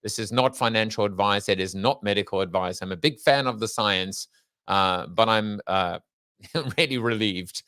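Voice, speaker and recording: A man's voice: fairly low pitch, normal speed, pushed and bright, clean tone, dry recording, low-quality recording. A man hosting a casual livestream, talking in a jokey, rambling, self-mocking way. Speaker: host.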